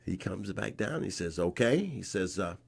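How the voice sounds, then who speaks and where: Low gravelly older man telling a story. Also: normal speed. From North Carolina, USA. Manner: animated, re-enacts scenes with rising emphasis. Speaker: interview guest. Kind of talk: storytelling in conversation.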